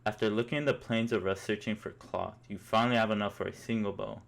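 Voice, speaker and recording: A man's voice: fairly low pitch, fairly even intonation, quick pace, vocal fry. A young man narrating a comic story in the second person, in an amused, mock-epic way.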